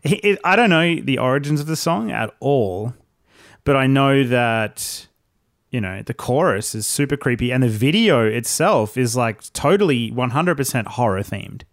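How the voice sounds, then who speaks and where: A man speaking as a podcast guest in relaxed casual chat, with quick bursts. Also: medium pitch, dry recording, clean studio sound.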